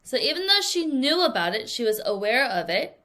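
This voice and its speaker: A woman teaching an English vocabulary lesson, drilling words clearly with repeat-after-me prompts and acting out examples playfully. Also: high-pitched, sing-song, normal speed, bright, forceful tone. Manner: playful, acts out example sentences. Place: language school in Korea.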